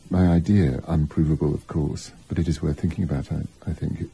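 A biographer talking reflectively in an interview, thinking aloud with asides and restarts. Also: male voice, low-pitched, warm tone, breathy edge, poor audio.

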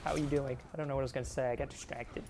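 A man giving casual, excitable gameplay commentary, laughing and easily distracted as he plays. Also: medium pitch, very fast, music in the background. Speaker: gaming YouTuber.

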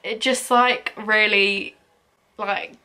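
A woman's voice: medium pitch, fairly even intonation, very slow, pushed and bright, smooth. Young female vlogger, casual Q&A chat, chatty and giggly. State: out of breath. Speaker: YouTuber. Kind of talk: casual Q&A vlog.

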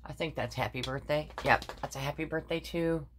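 A woman's voice: deep voice, fairly quick, slight background noise. An older woman chatting casually in a crafting vlog, rambling through her projects with many fillers and self-corrections. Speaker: crafting vlogger. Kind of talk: casual show-and-tell chat.

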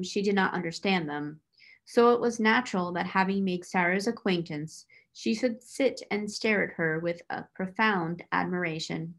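A woman reading a children's novel aloud in an even, measured narration. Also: lowish voice, vocal fry. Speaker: reader.

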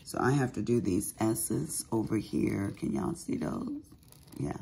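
A woman with a raspy, deep voice chatting casually to viewers at home while she does diamond painting, full of asides. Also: measured pace, dark tone, a little hiss or hum. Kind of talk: casual chat while crafting.

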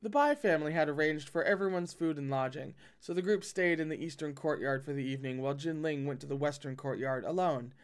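A man's voice: a little high, fairly quick, hardly any pauses, smooth. A man reading a novel aloud and breaking off to react in a dramatic, swearing manner. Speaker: audiobook reader and reactor.

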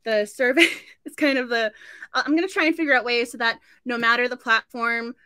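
A woman's voice: fairly high pitch, fairly even intonation, a little fast, bright, forceful tone, smooth, no echo, clean studio sound. A woman hosting a book club live stream, chatty and effusive, laughing often as she talks. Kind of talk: casual live-stream chat.

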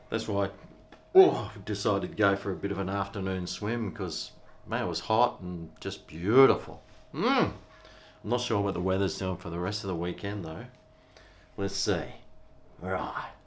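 A middle-aged Australian man, a vlogger, rambling in a laid-back, slangy way while he tastes and reviews a beer. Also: fairly low pitch. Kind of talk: casual beer review vlog.

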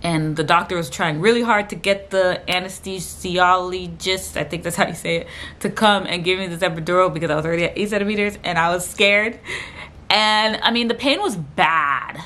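A young woman chats to her camera, telling a long personal story. She talks fast and rambles with plenty of fillers, her voice a touch low. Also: pushed and bright. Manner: fast, rambling, lots of fillers and quoted dialogue. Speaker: vlogger.

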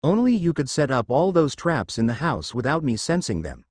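A man's voice: medium pitch, big pitch swings, normal speed, a little mellow, no room sound, studio quality. A man voicing a brooding teenage boy ninja who talks in a cold, threatening way. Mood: angry.

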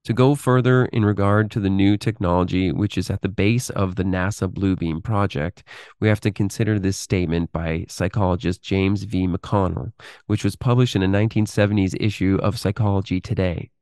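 A man with a very low voice reads a text aloud at a measured pace, then drifts into loose commentary with plenty of ums and uhs. The recording is dry and close, with no room sound. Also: steady tone, a little mellow, clean tone, no room sound. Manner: deliberate reading, halting with fillers when speaking freely. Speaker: podcast host.

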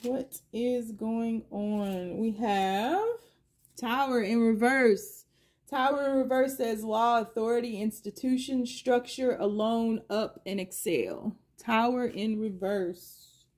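A woman's voice: on the high side, slow pace, a little mellow. A middle-aged woman giving a collective tarot reading, musing aloud and asking the universe the same questions again and again as she pulls cards. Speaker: tarot reader.

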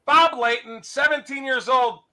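A man with a high, very bright and forceful voice, pitching comic art for sale live. He talks in quick salesman patter and keeps repeating his prices. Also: steady tone, poor audio.

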